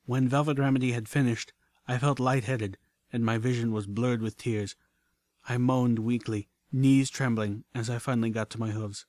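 A man giving an earnest, steady first-person story narration. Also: medium pitch, no echo. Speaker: audiobook narrator.

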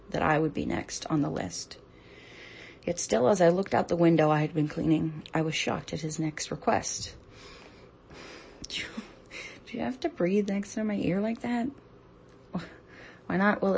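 A young woman performing an intimate audio role-play, reading a story aloud in a halting, breathy voice that often drops to a whisper. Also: sits low, a little mellow, slight background noise.

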